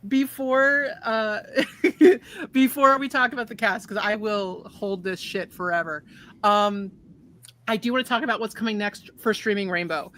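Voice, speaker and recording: Bright-voiced casual game master woman. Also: mid-range voice, moderate pace, a little hiss or hum. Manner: laid-back, swears casually, rambling with restarts. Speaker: game master and show host. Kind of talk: casual chat.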